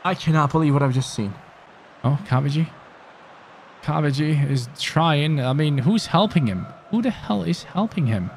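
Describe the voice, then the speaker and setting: A gaming YouTuber, a man commentating his own football game, casual and chatty, yelling when his team scores. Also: fairly high pitch, moderate pace, a little hiss or hum. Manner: excitable, yelling at goals. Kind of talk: live gameplay commentary.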